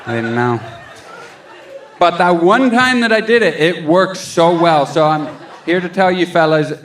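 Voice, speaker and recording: A young adult man performing a stand-up comedy set on a club stage into a handheld mic, telling a story with lively acted-out quotes. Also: fairly high pitch, measured pace, a little hiss or hum. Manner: animated storytelling, acting out quotes.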